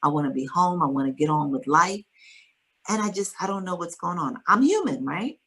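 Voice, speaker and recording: Low gravelly lady, middle-aged, animated and earnest, telling her story in an interview. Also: brisk, rough recording. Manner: earnest, animated retelling with quoted dialogue. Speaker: interview guest, author and advocate. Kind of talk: reflective faith storytelling.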